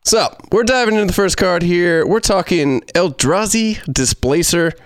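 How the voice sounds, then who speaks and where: A man's voice: high-pitched, moderate pace, smooth, no echo. Rambling joking male host, dry sound. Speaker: podcast host. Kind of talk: casual card-game chat.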